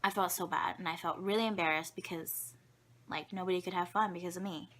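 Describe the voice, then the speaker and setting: A woman's voice: fairly low pitch, fairly even intonation, fairly quick, a bit bright, a little hiss or hum. A young woman telling childhood stories to camera in a chatty, rambling, self-mocking way. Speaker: vlogger. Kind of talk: casual storytelling to camera.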